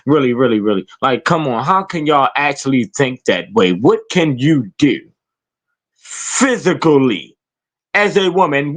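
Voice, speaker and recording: A high-voiced man hosting a podcast rants in a slow, deliberate drawl. He taunts his listeners with profane rhetorical questions. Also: breathy edge. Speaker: podcast host. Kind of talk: confrontational rant.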